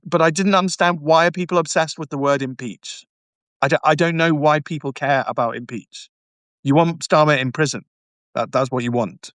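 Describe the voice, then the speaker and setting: A man's voice: a little high, fairly bright tone, dry recording. A barrister hosting a live stream, talking emphatically and often stumbling and restarting as he answers viewers' comments. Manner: mocking, sarcastic asides.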